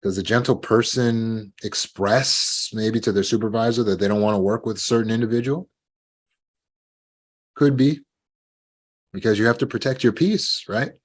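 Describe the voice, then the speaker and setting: A man giving a talk on trauma recovery, calm and gentle, now and then acting out short sample dialogues. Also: on the low side, moderate pace, pauses often. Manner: gentle, acts out sample dialogues with lively shifts. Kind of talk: instructional talk.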